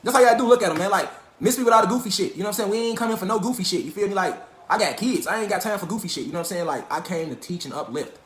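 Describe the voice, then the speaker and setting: A man's voice: sits high, lively intonation, very fast. A man giving a profane, emphatic livestream lecture into a phone or webcam, repeating rhetorical questions. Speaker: online lecturer. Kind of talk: animated livestream rant.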